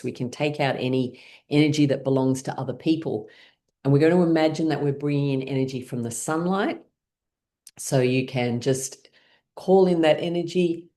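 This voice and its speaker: Low-voiced woman leading a laughter class. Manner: calm, gently guiding, playful. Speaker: laughter yoga instructor. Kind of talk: guided class instruction.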